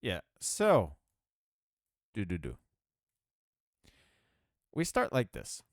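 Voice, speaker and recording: A game developer speaks very slowly in a lowish voice with huge pitch swings, recorded dry and studio-quality. Chatting casually as he works on his game, he rambles, mocks himself, and laughs often.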